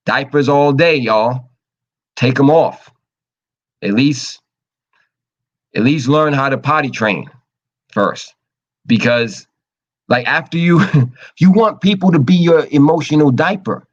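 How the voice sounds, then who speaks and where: A man hosting a casual advice talk show, animated and acting out quoted voices as he talks. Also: medium pitch, a little slow, pauses often, lo-fi sound. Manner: animated, acts out quoted voices, laughs often.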